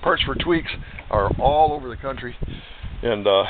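A man's voice: medium pitch, expressive, normal speed, a little hiss or hum. Older man rambling through a bike repair. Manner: rambling, repeats himself, asks the viewer to watch. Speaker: motorcycle hobbyist showing repairs. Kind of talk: casual how-to demonstration. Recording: tinny lo-fi camera audio.

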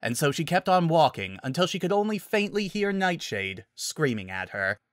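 A man narrating a dramatic story reading in an animated way. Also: on the high side, normal speed, dry recording, studio quality.

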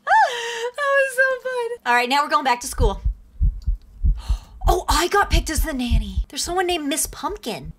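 Bubbly woman game host, very high and lively voice, noisy recording. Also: normal speed. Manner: bubbly, gasping, squealing reactions. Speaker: gaming video host. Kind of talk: excited gameplay commentary.

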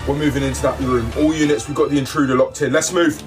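A man's voice: mid-range voice, steady tone, fast, distant mic, close to an everyday voice. A man voicing a tough armed police officer, barking commands over background music. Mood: commanding.

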